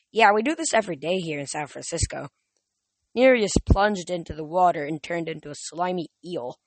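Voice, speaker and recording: Someone reads a young adult novel aloud in a casual, unpolished way, often stumbling over words and starting them again. The voice is medium in pitch, with no room sound.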